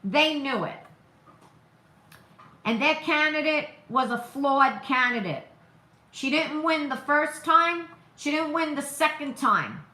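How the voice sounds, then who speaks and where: Her voice sits high and expressive, slow-paced and sharp, with a roomy sound. She's a political livestream host with a noticeable accent who presents opinions forcefully, repeating herself for emphasis and asking rhetorical questions.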